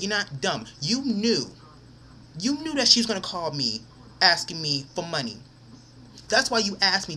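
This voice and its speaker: A man's voice: high-pitched, bright, forceful tone, slight background noise. A young man vlogging an angry, profane rant, repeating himself as he vents.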